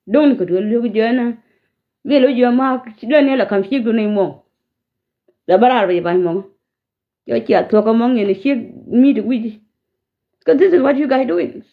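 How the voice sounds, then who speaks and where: Woman from South Sudan, fairly high voice, scolding vlog rant, code-switching, thin phone-line audio. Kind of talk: direct-to-camera rant.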